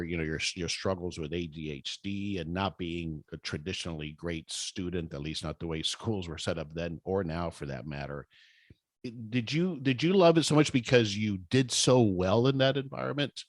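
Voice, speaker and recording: Deep-voiced male podcast host, dry. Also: animated, normal speed, no room sound. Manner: brief encouraging interjections and questions. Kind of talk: casual interview.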